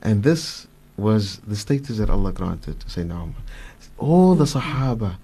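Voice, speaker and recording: A man in a radio studio, a guest scholar with a South African accent, telling religious stories in an animated way, acting out the quotes, with many fillers. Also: lowish voice, normal speed, slightly rough. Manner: animated storyteller, acts out quotes, frequent fillers. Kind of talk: radio religious talk, storytelling.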